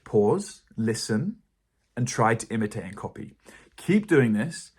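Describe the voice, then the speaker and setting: Husky British RP male English teacher. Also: fairly low pitch, measured pace. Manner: calm, encouraging explanation to learners. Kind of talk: pronunciation lesson.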